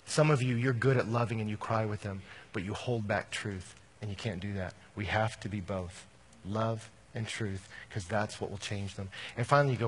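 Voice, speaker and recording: A man preaching a sermon as pastor, animated, shifting from loud bursts to hushed, earnest lines. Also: lowish voice, normal speed.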